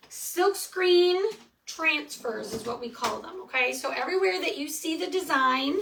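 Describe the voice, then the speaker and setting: Woman, high voice, middle-aged, chatty live craft tutorial, a bit far from the mic. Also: gravelly, a bit bright. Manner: chatty, answers viewer comments. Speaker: craft tutorial host selling supplies.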